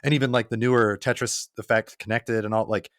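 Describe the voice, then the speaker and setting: A man's voice: mid-range voice, brisk, dry recording, studio quality. A man guesting on a podcast, chatting casually and acting out quoted lines as he tells stories. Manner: animated storyteller who acts out quotes.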